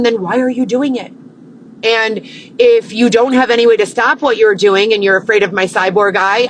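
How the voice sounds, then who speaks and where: A woman with a slightly high voice rants into her phone, agitated and defensive. She swears freely and fires one rhetorical question after another at her viewers. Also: fairly bright tone, a little hiss or hum, poor audio. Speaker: livestream host. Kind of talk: unscripted rant to viewers.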